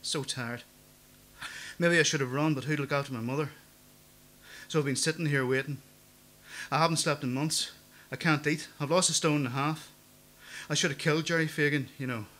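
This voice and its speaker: A man's voice: fairly high pitch, steady tone, moderate pace, sharp tone, pitched above the performer's own voice. A man voicing a broken, exhausted middle-aged man who pleads tearfully in an audiobook reading. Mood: despairing.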